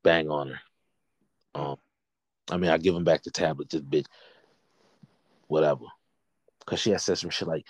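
A man in his thirties telling a story in a casual, profane, animated chat, worked up and blunt. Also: a bass voice, normal speed, long pauses, no echo, studio quality.

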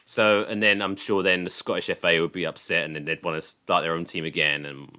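A man's voice: deep voice, level tone, brisk, pushed and bright. A man hosting a podcast in casual chat, blunt and sweary, asking wry questions. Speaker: podcast host.

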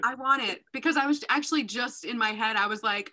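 A woman co-hosting a podcast in casual chat, quick with jokes. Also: fairly high pitch, sharp tone. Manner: quick joking quips. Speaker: podcast co-host.

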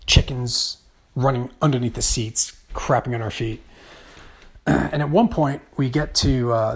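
A man's voice: mid-range voice, gravelly, husky. A man hosting a podcast, telling a travel story in a wry, rambling monologue full of fillers. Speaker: podcast host.

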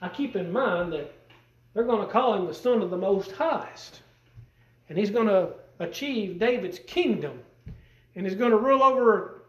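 High-voiced preacher in an echoey church. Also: male voice. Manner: emphatic, folksy preaching with rising bursts. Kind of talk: sermon. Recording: echoey room.

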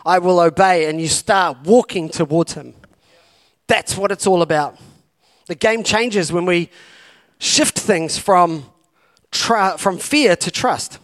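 Male pastor, high-pitched, preaching an impassioned sermon full of repeated exhortations. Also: takes it slowly, long pauses, fairly bright tone. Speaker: campus pastor.

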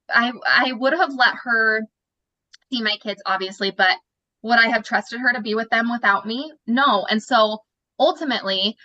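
A young woman recounts her own story with raw feeling, stopping and restarting as she goes. Her voice has a bright, forceful edge, heard through dull, lo-fi sound. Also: fairly high pitch. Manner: emotional, candid, with many restarts. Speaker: guest. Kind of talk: personal storytelling.

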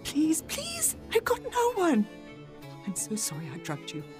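A woman's voice: high-pitched, wildly swooping pitch, a little slow, soft background music, pitched above the performer's own voice, heavily acted. A woman voicing a manipulative older female patient with a tearful, pleading sweet-old-lady act. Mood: desperate pleading. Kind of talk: audio drama narrated by one reader.

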